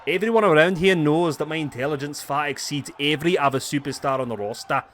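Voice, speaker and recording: A man's voice: a little high, quick pace, fairly bright tone, close to an everyday voice. Guy doing a smug wrestling heel, pompous and mocking, talks down to everyone. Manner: condescending, mocking, pompous words. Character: arrogant male wrestler villain, smug self-proclaimed genius.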